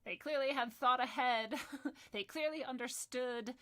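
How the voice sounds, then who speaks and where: A young woman giving heated personal commentary, swearing often and swinging between loud ranting and soft, quiet asides. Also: high voice, a little slow. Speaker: video commentator.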